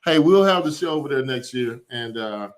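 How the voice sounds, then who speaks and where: A man hosting a podcast in casual chat, easygoing and quick to laugh. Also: mid-range voice, lively intonation. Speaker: podcast host.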